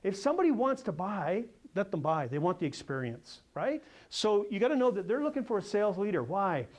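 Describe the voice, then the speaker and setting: A sales coach gives a seminar talk in a fairly high voice. He is energetic and animated, and he tells stories. He keeps drawing the audience in with questions. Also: fairly quick. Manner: energetic, animated storyteller who quizzes the audience.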